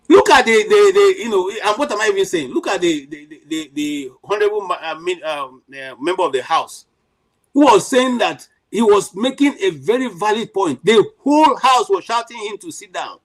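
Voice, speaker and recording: A man's voice: sits high, breathy edge, low-quality recording. A middle-aged Nigerian man giving impassioned political commentary on a panel, emphatic, with frequent restarts and "you know" fillers.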